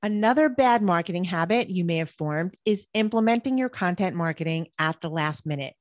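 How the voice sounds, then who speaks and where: A woman's voice: lowish voice, lively intonation, brisk, no echo. A woman co-hosting a marketing podcast, reading prepared points in an upbeat way. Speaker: podcast co-host. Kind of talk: scripted podcast chat.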